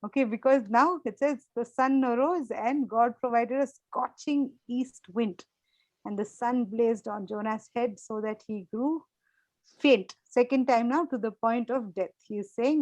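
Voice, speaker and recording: A woman's voice: on the high side, measured pace, darkish tone, no room sound, low-quality recording. A woman leading a church Bible study, explaining scripture in a conversational way and often checking in with the group. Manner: conversational, repeats points, asks the group questions.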